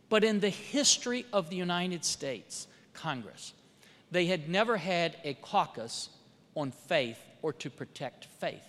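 A man with a notably high, bright and ringing voice gives a speech to a church gathering. He tells stories and acts out the dialogue, rising in volume for emphasis and sinking softly at the ends of phrases. His voice carries a long reverb, as if heard in a big hall. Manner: storytelling with rising and falling emphasis, quoting others in dialogue. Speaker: congressman speaking at a church.

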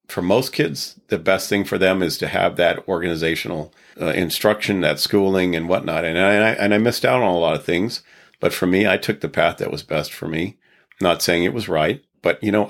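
A man from Texas with a very low, deep voice recounts his past in a loose, rambling interview style. He is reflective and chuckles now and then as the memories come back. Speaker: podcast guest. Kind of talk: casual storytelling interview.

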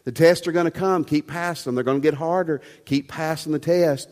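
A pastor preaches in a slightly high voice, pressing each point home with rhetorical questions. The sound rings with the long reverb of a big sanctuary. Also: male voice, steady tone, brisk, a little mellow. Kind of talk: sermon.

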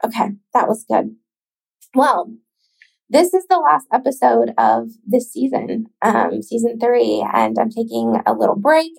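A woman hosting a podcast, talking casually and encouragingly straight to the listener, with swearing and long pauses. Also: fairly high pitch, creaky, slightly rough, poor audio. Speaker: podcast host. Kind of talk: motivational podcast monologue.

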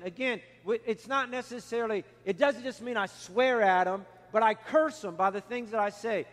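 A man's voice: high voice, moderate pace, few pauses, fairly bright tone. A man preaching a sermon in a church, emphatic and repeating his key phrases. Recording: long hall reverb.

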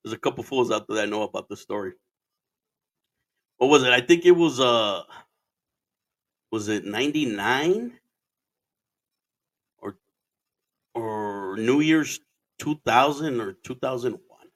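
A man from Arizona, in his thirties, spins a loose, meandering anecdote in an everyday mid-pitched voice. He swears freely and slips Spanish phrases into his English as he goes. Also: animated, a little slow, pauses often. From Arizona, USA. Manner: rambling, profane, switches into Spanish phrases. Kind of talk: casual storytelling monologue.

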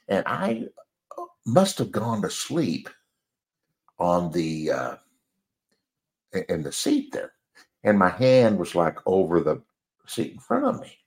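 Male storyteller, deep and animated, rambling and self-mocking in casual anecdote. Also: creaky. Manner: rambling, chuckling, self-deprecating.

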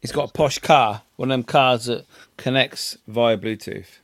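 A man's voice: medium pitch, measured pace, fairly bright tone, dry recording. A man chatting as a podcast co-host from his bedroom, teasing and swearing casually. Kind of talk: casual chat.

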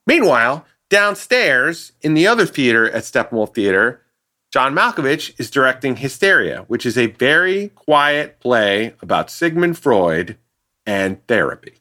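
A man, a guest sound designer, telling an animated anecdote on a podcast and acting out the people he quotes. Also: medium pitch, measured pace. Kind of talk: casual podcast storytelling.

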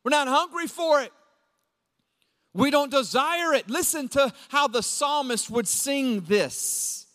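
High-voiced preacher in a big echoing hall. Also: male voice, takes it slowly. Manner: animated preaching, swings from shouts to low asides; acts out quoted voices of the congregation. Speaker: pastor. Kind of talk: sermon.

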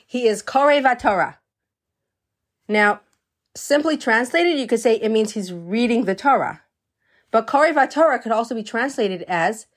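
Woman teaching Torah, pitched a bit high. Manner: reads Hebrew passages aloud and translates them line by line; earnest, explaining with stories and rhetorical questions. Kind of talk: explanatory Torah lesson.

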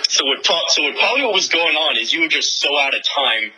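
A man's voice: on the high side, expressive, fast, pushed and bright, breathy edge, poor audio. A man in his twenties, a musician guest, talking frankly and matter-of-factly in a casual interview. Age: 20s.

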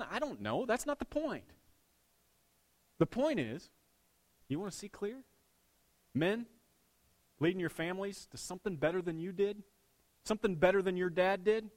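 A man preaching a sermon to his congregation, joking one moment and dropping to a near hush the next. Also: high-pitched. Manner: swings between punchy loud lines and hushed intimate ones. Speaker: pastor.

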